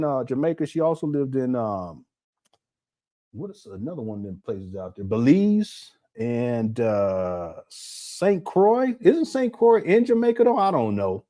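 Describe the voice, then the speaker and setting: Lively, jokey man hosting commentary. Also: on the high side. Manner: jokey, rambling, laughs often; slangy, addresses viewers as family. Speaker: commentary host. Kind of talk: casual reaction commentary.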